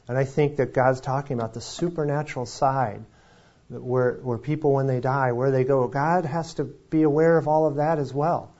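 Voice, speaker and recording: A man's voice: mid-range voice, fairly even intonation, normal speed, darkish tone. A man leading an informal Bible study, talking conversationally with rambling asides and self-deprecating jokes. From Wisconsin. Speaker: preacher. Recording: slightly dull lo-fi sound.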